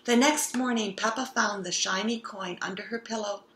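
A woman reading a children's picture book aloud with expressive narration. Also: mid-range voice, moderate pace. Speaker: storybook reader. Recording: roomy echo.

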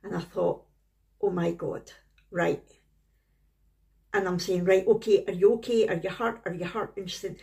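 A woman's voice: lowish voice, fairly even intonation, normal speed, creaky, mellow. A middle-aged woman with a Scottish accent talks straight to camera in a home vlog. She tells her story in a chatty, rambling way, like she is catching up with a friend. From Scotland. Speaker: family vlogger. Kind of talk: casual talking-to-camera vlog.

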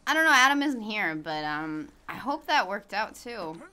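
A woman's voice: medium pitch, big pitch swings, moderate pace, pushed and bright, a little hiss or hum. A woman streaming a game in casual chat, greeting viewers by name and laughing often. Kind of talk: casual livestream chat while gaming.

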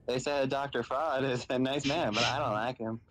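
A man's voice: medium pitch, fairly even intonation, normal speed, fairly bright tone, a little hiss or hum, lightly acted. A man doing a sweet little girl with a Southern twang. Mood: earnest. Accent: attempted Southern US. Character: sweet young girl writing a diary.

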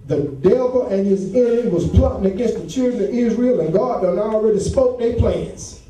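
High-voiced pastor preaching in an echoey church. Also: male voice, moderate pace. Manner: fervent, rising to shouts, call-and-response. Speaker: associate pastor. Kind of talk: sermon. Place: church sanctuary. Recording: very echoey church hall, mic far off.

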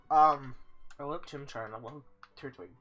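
A man's voice: mid-range voice, unhurried, fairly bright tone, faint music behind. A man playing a video game and commenting casually, reading the game text aloud, joking and swearing as he goes. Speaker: let's play host.

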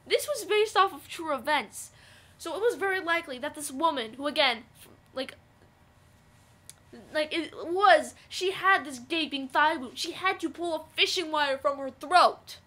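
A young woman vlogging, telling a story casually with lots of fillers and excitable outbursts. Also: sits high, moderate pace. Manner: rambling, filler-heavy, excitable.

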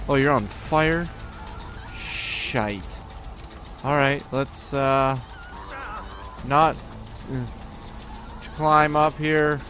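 A man doing let's play commentary in a goofy, joking way, often yelling at enemies. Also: mid-range voice, fairly even intonation, drawn-out words, pauses often, soft background music. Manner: goofy, jokey, yells at enemies. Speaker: gaming video host.

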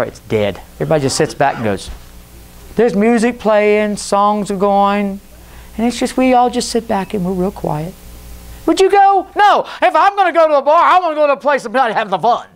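Guy preaching in church, goes loud then drops real low, mocks folks' voices. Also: very animated, normal speed. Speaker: pastor. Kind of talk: Pentecostal sermon. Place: church sanctuary.

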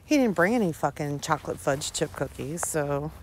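A woman's voice: moderate pace, background noise. Sarcastic, profane woman commentator. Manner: sarcastic, profane, lively swings into high exclamations. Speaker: comedy commentator. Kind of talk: mocking commentary on read-out texts.

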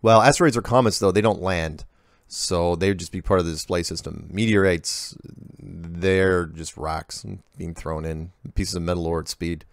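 A man with a very low, gravelly voice reads listener emails in an offhand, casual way. He trails into asides and corrects himself as he goes. The sound is dry and close to the mic. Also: fairly even intonation, moderate pace, no echo. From US Pacific Northwest. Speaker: host reading viewer emails.

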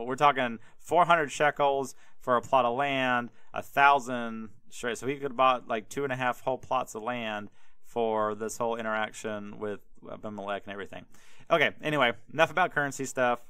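A young man talks with a bright, crisp voice, retelling an old story as a loose, rambling podcast host. The sound is close and dry, and he fills his lines with casual fillers. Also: medium pitch, fairly even intonation, moderate pace, no echo. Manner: laid-back, rambling, lots of fillers and acted-out voices. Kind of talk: casual comedic Bible retelling.

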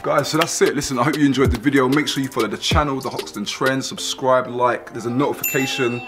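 A man's voice: medium pitch, fairly even intonation. A tired man hosting his shopping vlog, chatting casually about jackets. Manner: chatty, upbeat, quick sign-off patter. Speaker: vlogger, channel host. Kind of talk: casual chat while shopping. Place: busy outlet shop. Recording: voice over loud background music.

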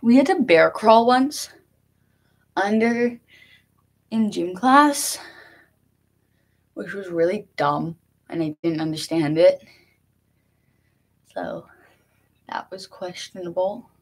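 A woman's voice: medium pitch, slow, pauses often. A young woman chatting casually to her viewers while she exercises, giggly and nervous, talking to herself and a little out of breath. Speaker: vlogger.

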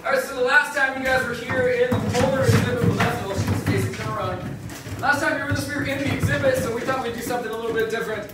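A male zookeeper presenter with a fairly high, steady voice races through a casual educational live stream in an indoor zoo birdhouse with penguins. He's chatty and upbeat, muffled by a face mask. The mic is distant, the room echoey, with faint noise.

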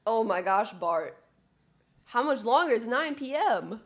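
Excitable woman reacting to hockey. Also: fairly high pitch, a little slow. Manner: excitable, chatty, cheers loudly at goals. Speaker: sports fan streamer. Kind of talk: live reaction commentary.

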